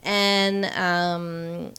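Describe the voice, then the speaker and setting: A woman's voice: lowish voice, flat delivery, drawn-out words, sharp tone, clean tone. A woman co-hosting a podcast, casually recapping a film with swearing and acted-out quotes. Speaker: podcast co-host. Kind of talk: casual chat.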